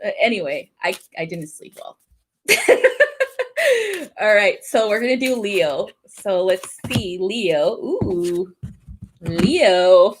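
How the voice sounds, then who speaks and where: Young woman, casual tarot host, rambling and giggly, mid-pitched, drops the odd swear word. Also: expressive, slow pace, slight background noise. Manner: chatty, laughs often, swears casually. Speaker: tarot reader hosting a live stream. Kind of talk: casual live-stream chat and tarot reading.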